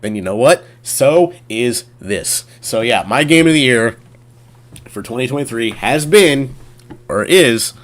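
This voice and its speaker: Casual male game streamer, rambling, middle pitch, filler-heavy. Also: lively intonation, measured pace, fairly bright tone. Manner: rambling, full of fillers and restarts. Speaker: gaming streamer. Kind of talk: casual chat.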